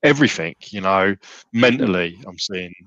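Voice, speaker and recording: A man's voice: deep voice, animated, moderate pace, fairly bright tone, dull audio. A man talking casually as a podcast guest, rambling with many restarts and fillers. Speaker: gym client and podcast guest.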